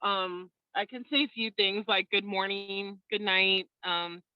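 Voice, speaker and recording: A woman guest chatting casually on a video call, an animated storyteller who laughs often. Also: mid-range voice, a little slow, smooth, no room sound, dull audio. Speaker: interview guest.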